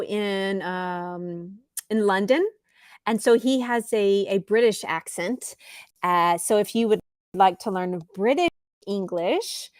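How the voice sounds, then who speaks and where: A woman's voice: mid-range voice, a little mellow, smooth, dry recording. A woman teaching English on a live stream, patiently answering viewers' chat comments. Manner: slow, patient, reads chat comments aloud.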